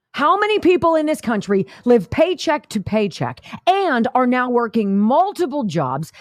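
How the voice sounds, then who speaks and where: A woman's voice: a little high, dry recording, clean studio sound. A female radio talk show host giving sarcastic, combative political commentary. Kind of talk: political commentary over played clips.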